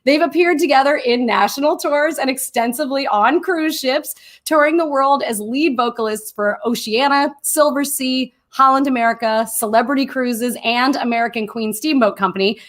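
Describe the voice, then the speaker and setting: A woman's voice: high-pitched, normal speed, few pauses. A woman co-hosting a casual live-streamed podcast, reacting emotionally and joking with her co-host. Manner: warm reactions, playful, emotional.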